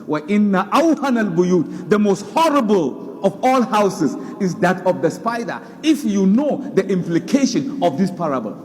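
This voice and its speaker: A man's voice: high-pitched, big-room sound. A man preaching a sermon, emphatic, repeating words for stress. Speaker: Islamic preacher. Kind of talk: sermon lecture.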